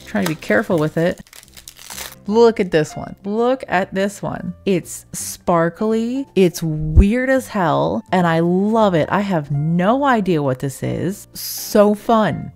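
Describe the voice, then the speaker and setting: An excitable woman talks casually through an unboxing, gushing over each find. Her voice sits at a middle pitch. Faint music plays underneath. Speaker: crystal collector vlogger.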